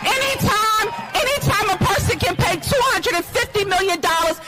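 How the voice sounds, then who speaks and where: Woman yelling a very high fired-up rally speech, loud music under it. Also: expressive, moderate pace, over a noisy crowd, low-quality recording. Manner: fiery, shouting. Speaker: politician speaking at a rally.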